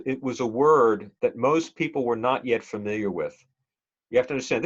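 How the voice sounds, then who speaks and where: A man's voice: medium pitch, lo-fi sound. A male instructor giving a conversational, digressive classroom lecture and quizzing the class with questions.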